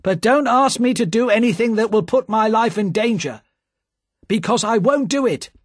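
A frightened male spy, pleading in a raised, strained voice, as a man reading the story puts him on. His tone is husky and the sound is dry. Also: high voice, lively intonation, moderate pace, no echo, pitched above the performer's own voice.

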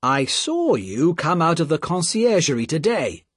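A man voicing a calm, polite gentleman who speaks firmly and evenly. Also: a little high, breathy edge, no echo, studio quality, pitched above the performer's own voice, full character voice. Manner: measured, polite, firm.

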